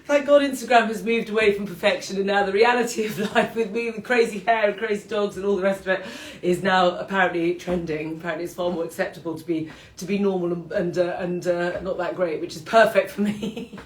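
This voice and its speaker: A woman's voice: lowish voice, steady tone, fairly quick, hardly any pauses, slight background noise. Chatty British woman in an echoey room. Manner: chatty and self-deprecating, laughs often. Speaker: qigong teacher and show host. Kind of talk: casual chat during a live-streamed morning exercise class. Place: home room, with dogs around.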